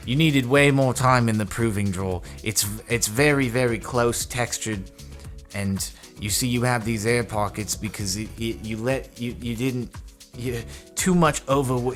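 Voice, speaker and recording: A man's voice: medium pitch, unhurried, fairly bright tone, faint music behind, lightly acted. A man putting on a shaky British accent to play a stern middle-aged male baking judge who lectures about dough. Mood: scolding. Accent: attempted British. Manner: critical, lecturing.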